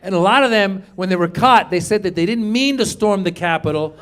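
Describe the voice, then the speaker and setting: High-voiced man doing loud stand-up. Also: fairly quick. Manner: energetic, jumps to loud shouted punchlines and acted voices. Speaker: stand-up comedian. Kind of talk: stand-up comedy set. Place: comedy stage with a live audience. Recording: live club recording, audience laughter and faint noise.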